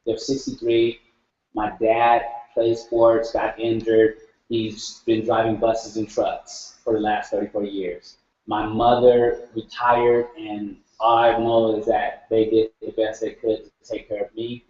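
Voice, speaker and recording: A man's voice: fairly low pitch, monotone, unhurried, a little mellow. A man talking earnestly in a group share, searching for words and repeating himself. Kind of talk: heartfelt group sharing. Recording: echoey room, dull sound.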